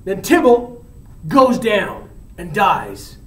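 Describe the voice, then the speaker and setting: Animated man retelling a story to a class. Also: high voice, drawn-out words, very noisy. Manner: animated, casual slang retelling. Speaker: teacher. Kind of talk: storytelling lesson. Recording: echoey room, mic at a distance.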